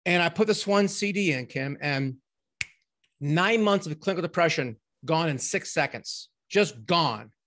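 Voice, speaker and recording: A middle-aged man with a slightly high voice speaks as an interview guest over a remote connection. He tells his stories in a rambling, animated way, full of fillers and restarts. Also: measured pace, a little hiss or hum. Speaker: podcast guest, ghostwriting company owner. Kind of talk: casual interview storytelling.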